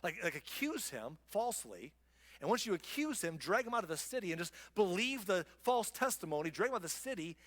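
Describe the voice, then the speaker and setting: A male pastor preaching a sermon in a relaxed, conversational and wry way, with asides to his listeners. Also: sits high, brisk, in a large hall.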